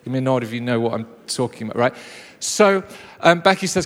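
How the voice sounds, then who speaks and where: A man preaching a lively, jokey sermon to a live congregation. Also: on the high side, a little fast. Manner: enthusiastic, jokey storyteller. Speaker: pastor. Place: church hall with a live congregation. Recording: long reverb of a large hall.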